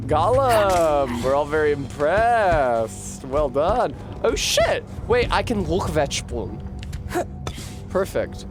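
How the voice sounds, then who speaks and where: Streamer, male, slightly high-pitched voice, swears and jokes his way through a game over clear music. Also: sing-song, takes it slowly. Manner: joking, profane, chatty. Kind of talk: live gameplay commentary.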